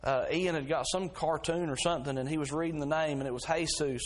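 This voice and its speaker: A man's voice: on the high side, fairly even intonation, fast talker, a little hiss or hum. Folksy man preaching a sermon. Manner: folksy storytelling, swells to fervent preaching. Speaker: pastor.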